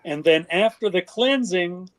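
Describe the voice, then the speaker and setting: A man's voice: high-pitched, measured pace. Older man telling stories in an interview. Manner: animated, acts out quoted voices. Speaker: guest. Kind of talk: storytelling interview.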